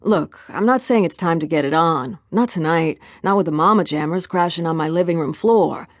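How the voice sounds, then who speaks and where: A woman reading the lines of an easygoing young man who coaxes and teases his girlfriend warmly. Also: sits low, moderate pace, no room sound, clean studio sound, close to an everyday voice. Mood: coaxing. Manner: warm, coaxing, teasing.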